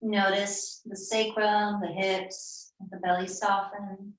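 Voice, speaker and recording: A woman yoga teacher giving slow, soothing, unhurried cues in a live class. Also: medium pitch, flat delivery. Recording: echoey room, mic far off.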